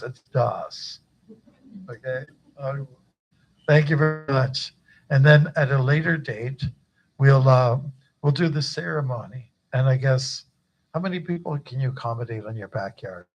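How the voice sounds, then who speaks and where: A man's voice: medium pitch, rough recording. An older man, a guru, giving an informal initiation talk at a temple gathering, chatty and joking with many fillers.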